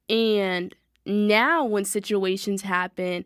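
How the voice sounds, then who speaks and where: A young adult woman, hosting a podcast in an animated, chatty self-help monologue that addresses listeners directly. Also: medium pitch, normal speed, no echo, clean studio sound. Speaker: podcast host. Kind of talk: casual motivational monologue.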